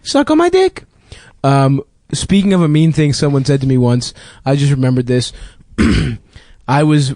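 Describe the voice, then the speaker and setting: A man's voice: medium pitch, darkish tone, dry recording. A man co-hosting a comedy podcast, telling self-mocking stories with plenty of swearing. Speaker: podcast co-host. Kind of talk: casual comedy chat.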